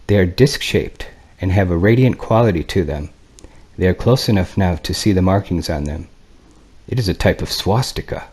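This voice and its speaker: A man reading a first-person flight log and diary in a measured, grave manner. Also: lowish voice, dark tone, breathy edge. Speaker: narrator.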